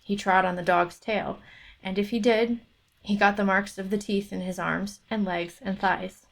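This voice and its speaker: A woman narrating a fairy tale aloud on a book club stream in a steady storytelling manner. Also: medium pitch, normal speed, creaky.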